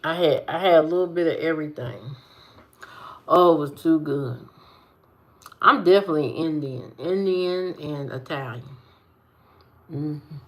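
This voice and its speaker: A woman chats casually with her viewers in a lowish voice. She takes her time, repeats phrases for emphasis, drawls key words and teases them. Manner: repeats phrases, playful teasing, drawn-out emphasis. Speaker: vlogger talking to viewers. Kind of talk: casual chat.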